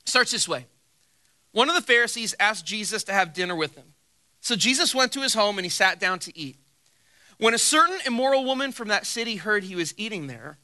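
Bright and forceful, with a voice that sits high, the pastor delivers a sermon. He first shares a comic story about himself, voicing the quotes and joking at his own expense, before turning to scripture.

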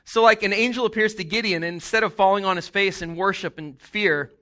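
Bright, lively young-sounding preacher man. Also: high-pitched, fairly quick. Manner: animated, jokey storytelling with acted-out voices. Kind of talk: casual sermon.

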